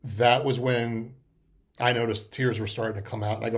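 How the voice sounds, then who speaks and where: A man's voice: mid-range voice, little pitch movement, normal speed. A middle-aged man, hosting a podcast and telling a rambling, emotional personal story full of restarts and fillers. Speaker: podcast host. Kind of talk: casual personal monologue.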